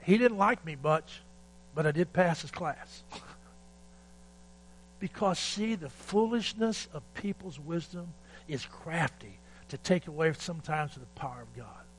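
A man preaching a sermon, telling stories in a folksy way and calling out for amens, building up to shouted peaks. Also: a little high, unhurried, a little hiss or hum, low-quality recording. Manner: calls for amen from the congregation. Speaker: pastor.

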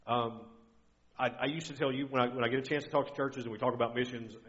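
A man's voice: medium pitch, fairly even intonation, fast, fairly bright tone, muffled recording. A middle-aged man giving a guest sermon in an earnest, conversational way, often restarting his sentences. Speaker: guest preacher.

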